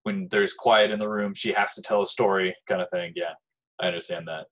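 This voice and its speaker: A man's voice: sits low, fairly even intonation, fairly quick, a bit bright. A man moderating a casual group discussion, asking curious follow-up questions.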